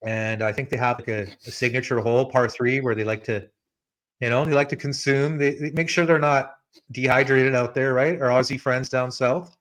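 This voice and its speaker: A man's voice: mid-range voice, moderate pace. Easygoing man hosting a podcast. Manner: relaxed and chatty, addresses co-host by name. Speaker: podcast host giving betting picks. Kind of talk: casual podcast chat.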